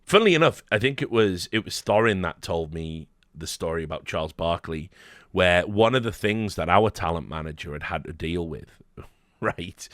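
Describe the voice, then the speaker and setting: A man's voice: deep voice, fairly bright tone, dry recording, studio quality. A man telling a story casually, rambling, swearing often and laughing. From Britain. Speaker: streamer host.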